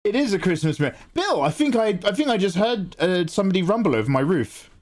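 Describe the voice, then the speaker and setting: A man who streams his drawing and chats excitedly, swearing freely and reading out viewer messages. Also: high voice, a little fast. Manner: excitable, swears freely, reads chat aloud. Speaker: live-streaming artist. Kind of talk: casual livestream chat.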